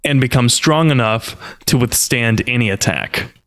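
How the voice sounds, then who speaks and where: A man co-hosting a casual podcast, explaining lore as a relaxed storyteller with dry humor. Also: medium pitch, moderate pace. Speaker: podcast co-host.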